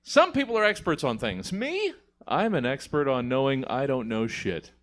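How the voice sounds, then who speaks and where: A man's voice: medium pitch, sing-song, normal speed, a bit bright. A man hosting a live comedy panel show, playful and laughing, swearing casually as he introduces segments.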